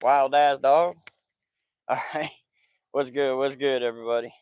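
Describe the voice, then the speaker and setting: A man's voice: mid-range voice, fairly even intonation, a little slow, a little mellow, smooth, dry recording. A man in his thirties, a football podcast host, chatting casually outdoors at home in loose slang and scolding his kids and dog now and then. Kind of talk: casual vlog chat. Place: outdoors at home by the backyard and porch.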